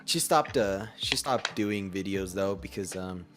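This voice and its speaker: A man's voice: low voice, unhurried, over music. A young man co-hosting a casual podcast, rambling with lots of restarts and fillers as he talks over a voice call. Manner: rambling, many restarts and fillers, laughs often. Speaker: podcast co-host. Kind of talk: casual chat.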